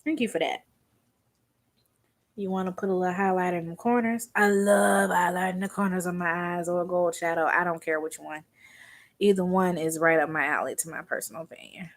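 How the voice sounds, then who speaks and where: A young woman from Arkansas talks her way through a makeup routine, chatty and rambling. She drifts into stories in a relaxed vlogger's voice, with some Southern slang. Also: lowish voice, fairly quick. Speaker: beauty vlogger. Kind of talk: chatty makeup tutorial storytelling.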